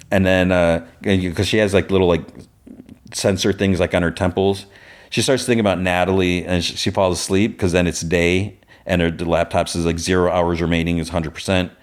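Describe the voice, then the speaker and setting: Low-voiced man rambling through a recap. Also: steady tone. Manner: rambling retelling with many "like" fillers and quick quoted lines. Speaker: podcast host. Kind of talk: casual episode recap.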